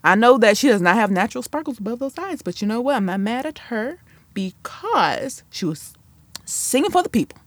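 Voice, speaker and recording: A woman's voice: on the high side, sing-song, normal speed, dry recording. A woman hosting a podcast, talking solo in a sassy, chatty way that drifts off on tangents. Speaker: podcast host. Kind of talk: casual solo commentary.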